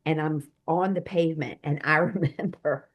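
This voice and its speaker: A woman guest telling a personal story in an expressive, animated way, swinging between hushed and loud. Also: deep voice, moderate pace, dull audio. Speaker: guest, author and speaker. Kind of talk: animated storytelling in a podcast interview.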